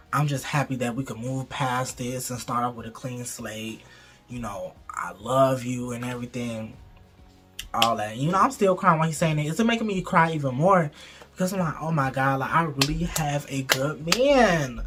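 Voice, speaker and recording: A man's voice: medium pitch, fairly bright tone. A young man tells a candid, profane, rambling storytime in casual chat. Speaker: vlogger.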